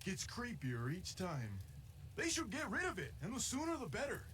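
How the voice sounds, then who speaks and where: An actor playing a boastful, folksy middle-aged construction worker in a mystery game, gruff and blustery. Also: male voice, sits high, wildly swooping pitch, normal speed, a bit bright, a little hiss or hum, exaggerated voice.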